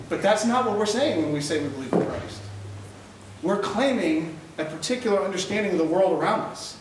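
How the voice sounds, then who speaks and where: A man giving an emphatic chapel talk to high school students, often putting questions to the audience. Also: lively intonation, fairly quick, background noise. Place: large echoey chapel hall. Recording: echoey hall recorded from far off.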